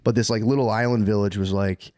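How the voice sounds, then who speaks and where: A man's voice: on the low side, steady tone, fast, a little mellow. A man co-hosting a comedy podcast, retelling a story in a laid-back, profane, rambling way. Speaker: podcast co-host.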